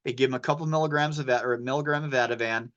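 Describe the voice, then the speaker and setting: A man's voice: medium pitch, steady tone, very fast, a bit bright, dull audio. A man giving an informal medical lecture as a poison control specialist, telling anecdotes and dropping slang. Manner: casual, anecdotal, sprinkles in slang.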